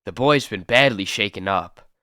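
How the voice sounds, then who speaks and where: A man's voice: fairly low pitch, moderate pace, pushed and bright, no room sound, clean studio sound, voice pushed down. A man voicing a sinister male asylum doctor who sounds politely menacing. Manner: silkily polite, veiled threats.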